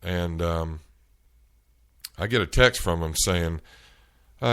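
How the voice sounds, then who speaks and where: Man, very low voice, exasperated storyteller, animated and incredulous. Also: takes it slowly, long pauses, smooth. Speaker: show host. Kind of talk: storytelling rant.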